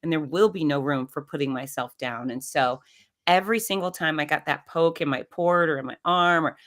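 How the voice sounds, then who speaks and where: A woman's voice: deep voice, a little fast. A middle-aged woman, a podcast guest, telling a personal story in conversation and acting out the voices she quotes. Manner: animated, acts out quoted voices.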